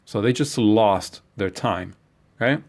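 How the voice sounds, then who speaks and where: A man giving an informal lecture, blunt and animated, with frequent hesitations and some swearing. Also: lowish voice, slow.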